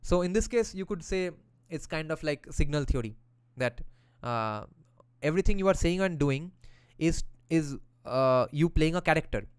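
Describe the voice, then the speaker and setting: A man's voice: a little high, lively intonation, normal speed, clear, resonant tone, dry recording. A man who reads passages from a philosophy text aloud and explains them in a casual way, using slang and the odd swear word.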